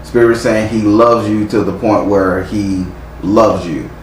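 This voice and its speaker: A man giving a live tarot reading speaks bluntly and sternly, swearing often, in a fairly low, unhurried voice. The room is echoey, with faint noise in the background.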